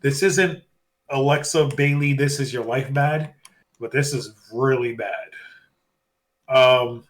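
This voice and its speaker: A man's voice: medium pitch, slow pace, pauses often. Chatty man recapping with quoted voices. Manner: animated retelling, acting out quotes. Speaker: podcast co-host. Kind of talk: casual wrestling recap chat.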